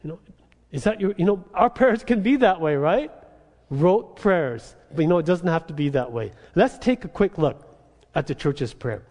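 A man preaching a sermon as pastor, telling animated stories about frustrating phone calls and asking the congregation "amen?". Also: a little high, moderate pace, in a large hall. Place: church sanctuary.

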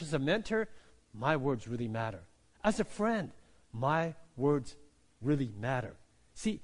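A man, a pastor, preaching a sermon in a conversational way, checking in with "right?" and restarting his phrases. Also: a little high. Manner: conversational preaching, frequent "right?" and "you know" tags, repeated restarts.

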